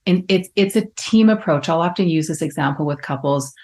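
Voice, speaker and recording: Woman, deep voice, relationship psychologist, reflective, analogies, casual conversation. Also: a little fast, a little mellow. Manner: reflective, explains through everyday analogies.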